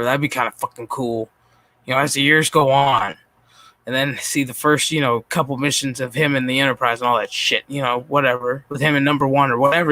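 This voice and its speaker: A man's voice: mid-range voice, moderate pace, sharp tone, no room sound. Exasperated man ranting, dry close mic. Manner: exasperated, profane, frequent sighs. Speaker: streamer reacting to a panel. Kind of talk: ranting reaction commentary.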